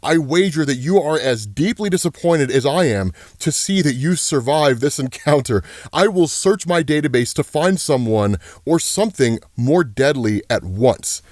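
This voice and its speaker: A man voicing a sardonic male spaceship computer with a wry, deadpan manner. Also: a little high, moderate pace, few pauses, dry recording, studio quality, natural voice.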